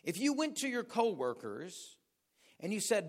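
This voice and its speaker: An American man, a pastor, preaching a sermon with animated storytelling and questions for the audience. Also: sits high, a little slow. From United States.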